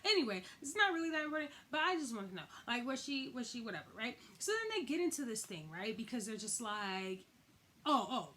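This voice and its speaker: Young woman w/ an aave lilt gabbing about a tv episode, kinda high voice, says "like" a lot. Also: brisk, slight background noise. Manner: chatty, animated, heavy use of "like", acts out quotes. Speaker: TV recap host. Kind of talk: casual episode recap.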